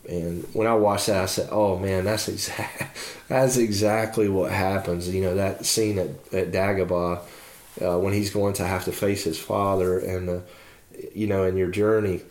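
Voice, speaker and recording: A man's voice: low-pitched, echoey room. A man preaching a devotional sermon in an earnest, encouraging way.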